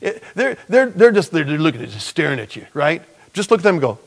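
A middle-aged man preaching a sermon in a conversational storytelling manner, laughing now and then and going soft and low when he voices prayers. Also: very animated, fast, gravelly. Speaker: pastor.

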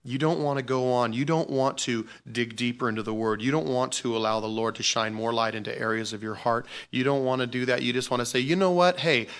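A man delivering a sermon as a pastor, his voice medium in pitch. He swings between loud, emphatic bursts and quiet, offhand asides, talking informally with repeated words and restarts. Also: fairly even intonation, quick pace, hardly any pauses, smooth.

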